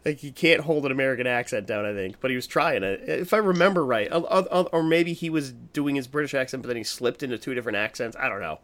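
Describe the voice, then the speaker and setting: A man's voice: medium pitch, quick pace, hardly any pauses, a bit bright. A man co-hosting a casual podcast chat, talking emphatically with lots of swearing and restarts. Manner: profane, emphatic, rambling with restarts. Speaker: podcast co-host. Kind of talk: casual horror movie chat.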